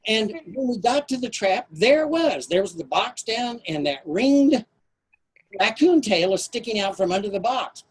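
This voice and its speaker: A man telling a personal story at a storytelling event, animated and shifting his voice for effect. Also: sits high, moderate pace, slightly rough. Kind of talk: live storytelling performance.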